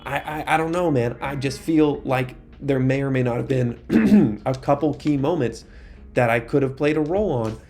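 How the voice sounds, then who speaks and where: A man's voice: medium pitch, normal speed, darkish tone, soft background music. A young man giving casual commentary while playing a football video game, breaking into exasperated outbursts. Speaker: gaming YouTuber.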